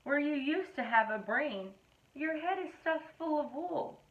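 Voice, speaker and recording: Animated woman reading children's verse aloud. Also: high voice, measured pace. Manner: playful, animated storytelling delivery. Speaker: reader of a children's poetry book. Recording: tinny phone-like audio.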